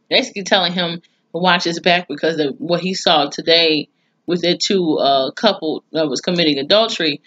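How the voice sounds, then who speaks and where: A woman's voice: on the low side, a bit bright, muffled recording. A woman giving a blunt, chatty recap of a TV episode, swearing freely and reacting with mock disgust. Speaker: TV episode reviewer. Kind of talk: casual spoken recap.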